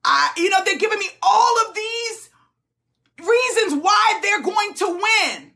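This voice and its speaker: A woman, a business coach giving a fired-up, tearful motivational talk on a group call, often shouting and repeating herself. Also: very high-pitched, expressive, slow pace, creaky.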